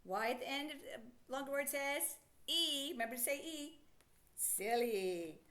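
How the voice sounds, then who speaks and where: A woman teaching a phonics lesson to children, sounding out words slowly and asking lots of encouraging questions. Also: high voice, pushed and bright. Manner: encouraging, asks many questions.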